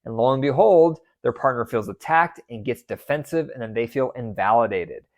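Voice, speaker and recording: A man's voice: medium pitch, normal speed, a little mellow. A man hosting a marriage advice podcast as a therapist, talking with emphasis and often repeating key phrases.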